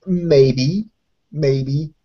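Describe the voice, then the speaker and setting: A man's voice: fairly high pitch, extremely slow, dark tone, highs cut off. A man co-hosting a podcast, reviewing wrestling ratings in a dry, pointed way with sardonic hints. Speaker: podcast co-host.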